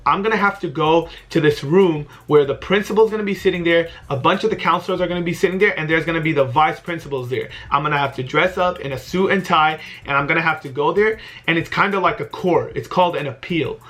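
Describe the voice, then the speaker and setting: A young man telling a casual storytime vlog, animated and exasperated, with frequent swearing. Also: a little high, fast, few pauses. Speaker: vlogger.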